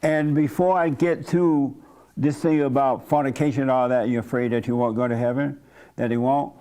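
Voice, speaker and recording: With a mellow, medium-pitched voice, fairly even intonation and a moderate pace, a pastor leads an informal church service. He talks with his congregation in a blunt, folksy, conversational way and coaxes responses from them.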